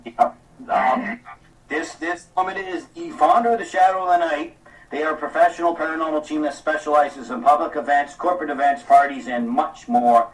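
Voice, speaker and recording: A man with a Boston accent hosting a casual radio talk show, relaxed and joking. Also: fairly high pitch, moderate pace, distant mic, poor audio. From Salem, Massachusetts.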